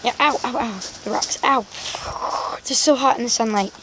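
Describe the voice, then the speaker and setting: High-voiced chatty woman outdoors. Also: bright, forceful tone, a little hiss or hum. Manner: chatty, rambling, with ums and quick asides; coos at her pets and chickens in a high sing-song voice. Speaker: vlogger. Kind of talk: casual vlog chat. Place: outdoors in a sunny yard.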